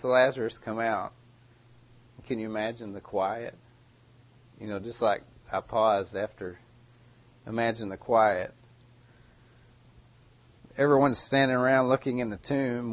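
A man preaching a sermon in a dramatic way, with loud cries and long hushed pauses. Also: mid-range voice, lo-fi sound.

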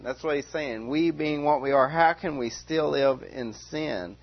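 A man preaching a verse-by-verse sermon, repeating key phrases slowly and with emphasis. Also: fairly high pitch, dull audio. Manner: emphatic repetition, slow stressed phrases. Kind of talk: expository sermon.

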